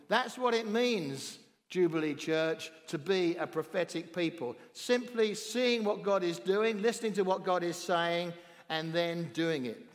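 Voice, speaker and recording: A high-pitched man with a southern English accent preaches with real emphasis, pushing some phrases nearly to a shout. His voice rings out through a church hall with a long reverb trailing behind every line. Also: a little slow. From southern England. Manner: emphatic, rising to near-shouting on key phrases. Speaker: visiting pastor. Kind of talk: sermon.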